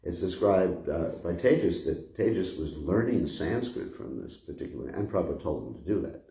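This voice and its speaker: A man's voice: low-pitched, animated, normal speed, mellow. An older man giving an informal scripture class, rambling and conversational, often chuckling. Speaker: spiritual teacher giving a class. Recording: echoey room.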